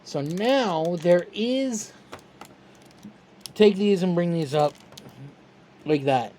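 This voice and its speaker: A toy reviewer talks through a build step by step in a relaxed, chatty way, quick to poke fun at themselves. Their voice sits at a middle pitch, with a faint hiss in the background of this casual tutorial.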